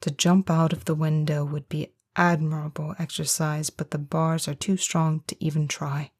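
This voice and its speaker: A woman giving a whispered first-person audiobook narration, hushed and slow. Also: sits low, level tone.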